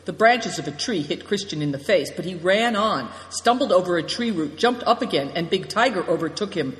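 A narrator giving a steady audiobook reading. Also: medium pitch, fairly quick. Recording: echoey room with long reverb.

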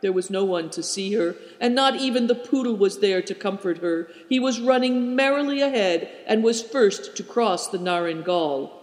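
Animated man reading a storybook. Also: sits high, moderate pace, few pauses. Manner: expressive, animated delivery. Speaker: narrator. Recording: echoey room with long reverb.

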